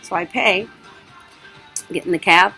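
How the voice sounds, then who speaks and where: A woman's voice: on the low side, a little slow, vocal fry, soft background music, poor audio. A young woman vlogger telling a travel story in a casual way, acting out her own panic. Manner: animated, acts out her own panic in quotes.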